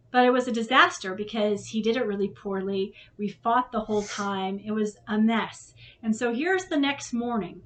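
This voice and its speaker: A woman's voice: fairly high pitch, normal speed, hardly any pauses, fairly bright tone. A woman hosting a vlog, telling a personal story to her son in a frank, emotional way and swearing when upset.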